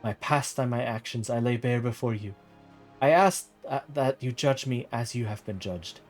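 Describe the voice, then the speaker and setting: A man's voice: medium pitch, moderate pace, soft background music, lightly acted. A man reading a proud, earnest young squire. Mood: solemn. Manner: formal, solemn, prickly.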